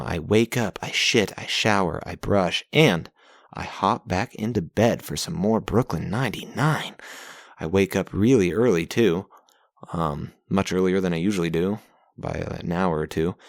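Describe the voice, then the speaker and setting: A young man hosts a podcast from his home setup, speaking into a pop-filtered mic as he recaps his journal week in a casual, sarcastic, profane way, getting exasperated easily. His voice sits low, and the sound is clean studio quality with no room sound.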